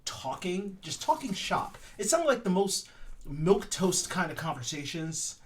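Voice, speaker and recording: A man's voice: high voice, very animated, measured pace. A man in his thirties co-hosting a casual comedy podcast, dropping wry, crude quips. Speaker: podcast co-host.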